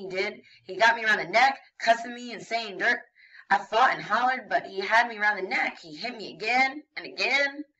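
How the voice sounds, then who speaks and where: A woman voicing a frightened, defiant young rural woman on the witness stand, speaking in halting, rustic phrases that build into loud outbursts. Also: medium pitch, recorded from a distance, dull audio, natural voice.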